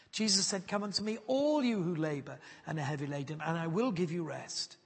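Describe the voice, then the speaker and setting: Earnest preacher in a reverberant hall. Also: male voice, on the high side, lively intonation, a little fast, gravelly, few pauses, husky. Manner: earnest, pleading. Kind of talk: sermon with personal story.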